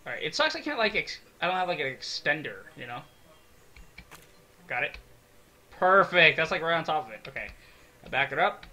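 Excitable young man, bright voice. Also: on the high side, brisk, long pauses. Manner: excitable, swears a lot, talks to himself while building. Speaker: gaming video creator. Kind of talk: let's-play commentary.

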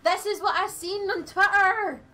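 Scottish girl squealing and tearing up over a stream, super high voice, slow drawn out words. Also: soft background music. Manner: excitable, gushing, swings from mumbling asides to squeals. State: tearful. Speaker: reaction video host. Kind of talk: live reaction commentary.

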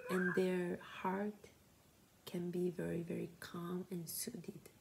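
Slow, gravelly-voiced Korean woman teaching softly. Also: lowish voice, level tone, a little hiss or hum. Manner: slow, gentle, often whispery delivery. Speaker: counseling teacher. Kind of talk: soft-spoken teaching talk.

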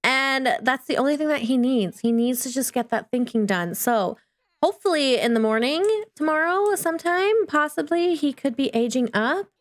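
Bubbly high-voiced woman gaming. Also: moderate pace. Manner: bubbly, chatty, excitable with sudden squeals. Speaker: gaming YouTuber. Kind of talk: Let's Play commentary.

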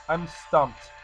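A gamer giving let's play commentary, exasperated and talking back to the game. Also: fairly bright tone. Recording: slightly muffled recording, faint game music.

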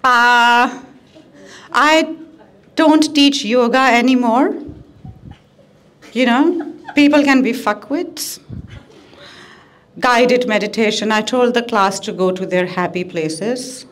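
A woman doing stand-up comedy on stage in front of a live audience, with deadpan delivery and crude punchlines. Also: fairly high pitch, slow pace, long pauses. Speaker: guest comedian.

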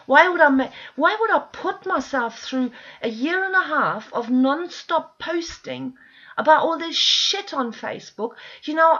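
A woman's voice: sits high, fairly bright tone. A woman at home in an impassioned, frustrated monologue to camera, pleading with listeners and swearing often. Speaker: video blogger. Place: at home with dogs nearby. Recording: dull lo-fi recording.

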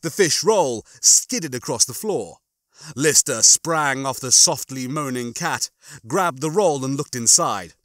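Lively, bright male audiobook narrator. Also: medium pitch, takes it slowly, no room sound, clean studio sound. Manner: animated, expressive storytelling. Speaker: audiobook reader.

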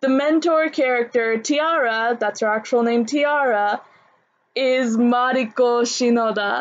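A woman's voice: on the high side, unhurried, dull audio. A woman talking casually in a vlog, chatty and full of fillers and restarts. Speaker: anime vlogger.

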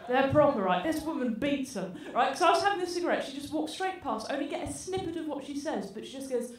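A woman's voice: sits high, expressive, fast, few pauses, a little hiss or hum. A woman from England doing a stand-up comedy set on a theatre stage, teasing the audience in a brash way. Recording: roomy theatre sound from a distance. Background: audience laughter.

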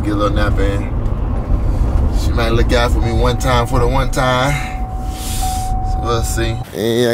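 A young adult man, a father, talking in a relaxed, slangy way for a casual vlog and teasing his children playfully. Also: fairly low pitch, noisy background. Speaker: vlogger and father.

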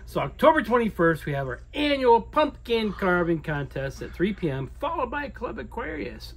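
This is a man with a somewhat high, bouncy voice that rises and falls a lot. He runs a casual dive shop newsletter with playful asides. A faint hiss sits under the recording. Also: fairly bright tone. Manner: playful, jokey self-corrections. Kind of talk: casual promotional newsletter chat.

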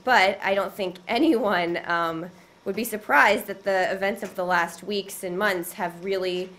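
A woman at a press briefing, answering questions in a measured way with frequent ums, and she is losing her voice. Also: medium pitch, a bit bright. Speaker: government spokesperson.

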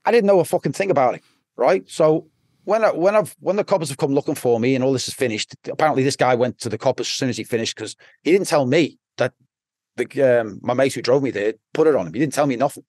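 A Scouse man from Liverpool, England, guests on a podcast, telling his story bluntly while rambling and swearing constantly. He talks fast in a medium-pitched, slightly mellow voice, and the studio sound is clean with no room sound.

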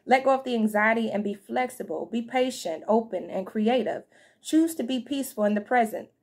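A woman's voice: fairly high pitch, a little fast, darkish tone. A woman giving a casual, slangy tarot reading to her viewers, sounding like she just woke up. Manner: chatty, slangy, addresses viewers as y'all and fam. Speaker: tarot reader.

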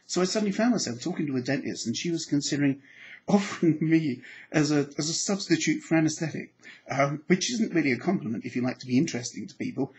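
Male hypnotherapy trainer, mid pitch, storytelling teacher who voices the people in his anecdotes and drops into slow, soothing trance-style phrasing. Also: dull audio. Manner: storytelling, acts out quoted dialogue, soft hypnotic phrasing.

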